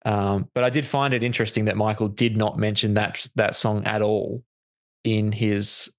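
A man guesting on a podcast, explaining things in a measured, thoughtful way. His voice sits on the low side. The recording is dry with no room sound. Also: level tone, no echo. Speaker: podcast guest, music author. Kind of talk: casual podcast chat.

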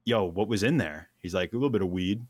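A man's voice: low-pitched, quick pace, crowd noise. A young man telling a long, wild story in casual chat, full of slang, fillers and laughs at himself.

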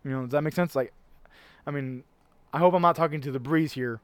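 A man's voice: a little high, a little fast, smooth, dry recording. A man talking in a casual chat as a fitness coach, emphatic, with frequent restarts and casual swearing.

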